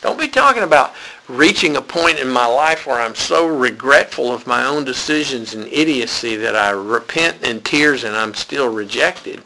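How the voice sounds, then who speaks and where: A man's voice: medium pitch, animated, normal speed, sharp tone, low-quality recording. A man preaching a sermon in a church, folksy and conversational.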